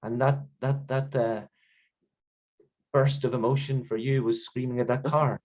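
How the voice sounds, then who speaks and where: A man playing a measured, slightly condescending therapist in improv comedy over a video call. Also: medium pitch, little pitch movement, darkish tone, lightly acted. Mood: soothing. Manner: measured, soothing, a bit condescending. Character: calm, patronizing male therapist on a video call. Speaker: improv performer. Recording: dull lo-fi video call audio.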